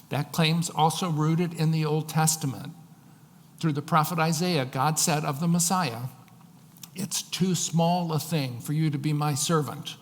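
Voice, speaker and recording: A male pastor preaching a sermon, slowing down to read scripture with emphasis. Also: fairly high pitch, in a large hall.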